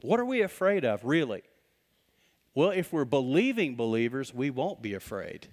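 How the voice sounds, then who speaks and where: A male pastor preaching a lively, joking sermon and reading scripture aloud. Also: medium pitch, moderate pace, big-room sound. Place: church sanctuary.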